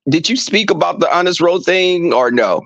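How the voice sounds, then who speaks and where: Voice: mid-range voice, animated, moderate pace, gravelly, a bit bright, no echo, lo-fi sound. A guest on a livestream, chatting expressively and acting out quoted people. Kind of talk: casual livestream chat.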